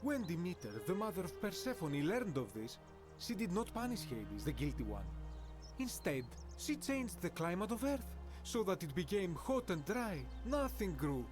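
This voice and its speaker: A man's voice: sits high, very animated, normal speed, over music. A man voicing a formal, philosophical Greek townsman in an ancient Roman city, in a video game. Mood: solemn. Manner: stately, formal, quotes old sages. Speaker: game character.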